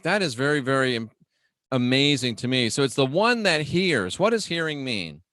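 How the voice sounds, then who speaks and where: A man hosting a livestream, teaching the Bible conversationally, slowing down and raising his voice for key phrases and greeting viewers. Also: medium pitch, big pitch swings, a bit bright, dry recording, clean studio sound. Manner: conversational and emphatic, slows and raises voice for key phrases; greets viewers and talks to himself while navigating a website. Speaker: livestream host teaching scripture.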